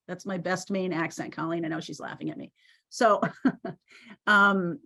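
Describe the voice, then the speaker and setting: A woman's voice: on the low side, steady tone, a little slow, sharp tone. A woman giving a casual, encouraging tarot reading to viewers, thinking aloud as she turns the cards. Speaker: tarot reader. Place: home in Maine.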